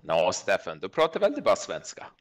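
A man giving steady tactical callouts and jokes over game voice chat. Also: sits low, a little fast. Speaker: teammate. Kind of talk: gaming voice chat.

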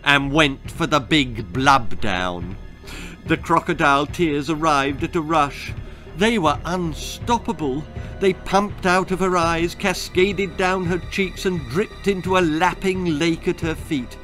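A male author reads a children's story with slow, unhurried delivery, savoring every grotesque detail. His voice is bright and pitched a little high for a man. Faint music sits softly underneath the reading. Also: low-quality recording. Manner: relishing, darkly comic storytelling.

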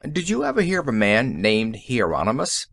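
A man's voice: medium pitch, huge pitch swings, normal speed, gravelly, fairly bright tone, no room sound, full character voice. A man voicing a cheerful, matter-of-fact inventor. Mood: wry. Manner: matter-of-fact, explaining patiently. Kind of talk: audiobook character reading.

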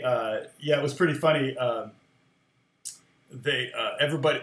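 A man's voice: fairly high pitch, a bit bright. Chatty man telling a story, echoey room. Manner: rambling, laughs often, acts out quoted lines. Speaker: guitar teacher and former worship leader. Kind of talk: casual storytelling.

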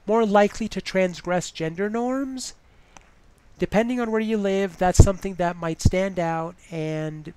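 A woman's voice: medium pitch, a little mellow, no echo. A woman giving advice in a casual vlog, chatty and full of "you know" fillers.

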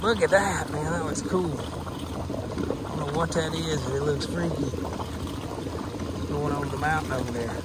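A man's voice: fairly high pitch, steady tone, measured pace, pauses often, very noisy. A man in his late thirties with a Southern US accent, chatting and joking to camera while fishing outdoors on a lake. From Tennessee, United States. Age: late 30s. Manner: chatty, rambling, jokey, laughs nervously. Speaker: fishing vlogger. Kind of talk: casual running commentary to camera. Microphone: action camera. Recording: loud rain on an action camera. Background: heavy rain.

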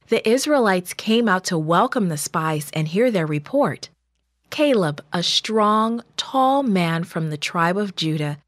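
A woman reading a Bible story for children in a slow, measured, gentle manner. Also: fairly low pitch, no echo, clean studio sound.

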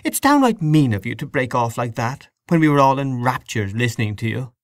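A man voicing an excitable young woman hostess in a storybook reading, with high, eager exclamations. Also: a little fast, no room sound, clean studio sound.

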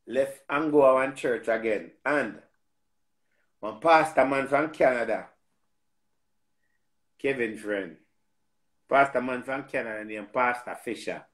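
A man's voice: mid-range voice, echoey room. Jamaican man telling a story. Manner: animated, repetitive, swears freely. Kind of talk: casual storytelling.

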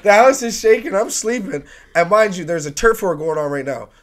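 A man's voice: sits high, fairly quick. A man, a music producer, telling a rowdy story in a casual podcast chat, laughing and swearing as he goes. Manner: animated, profane, laughing storyteller.

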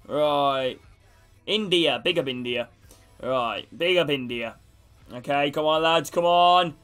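Hyped lad streaming a football game. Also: male voice, fairly high pitch, slow pace, clean tone, faint music behind. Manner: energetic hype and greetings to chat, swearing casually. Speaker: gaming streamer. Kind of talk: live gameplay chat with viewers.

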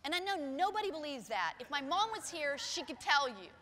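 A middle-aged woman pastor preaching a sermon with personal stories in a church, shifting from soft, quiet passages to loud, emphatic ones. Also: sits high, big pitch swings, brisk, slight background noise. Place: church sanctuary. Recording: long hall reverb.

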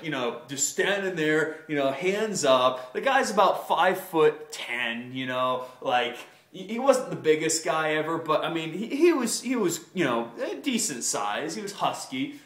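A man's voice: fairly high pitch, a bit bright. A man hosting a video, telling a story casually and rambling with plenty of filler words. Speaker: host. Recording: echoey room.

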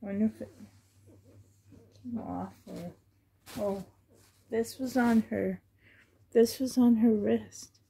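A woman with a gravelly, husky voice talks slowly through an unboxing vlog. Her tone is dark and mellow, and she often slips into soft, fond half-whispers as she gushes. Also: fairly high pitch. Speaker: reborn doll collector.

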